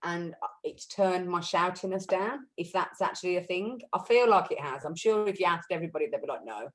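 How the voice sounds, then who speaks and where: A woman chatting casually as a wellness practitioner, telling lively stories and acting out what people said. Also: on the low side, a little fast, poor audio. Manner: lively storyteller, acts out quotes; self-described shouty. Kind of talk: casual group chat.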